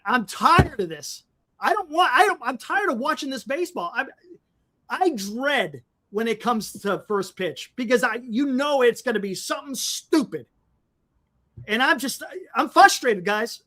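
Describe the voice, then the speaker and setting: A man's voice: very high-pitched, lively intonation, unhurried, fairly bright tone. A man co-hosting a fan sports talk stream, ranting in frustration and often repeating words. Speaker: podcast co-host.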